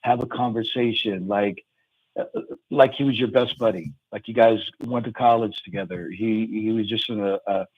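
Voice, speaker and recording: A man calling in to a radio show, telling a fond memory in a rambling, halting way with lots of fillers and restarts. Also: on the low side, steady tone, slightly rough, no room sound, muffled recording. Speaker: caller sharing a fan memory. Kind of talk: casual phone-in storytelling.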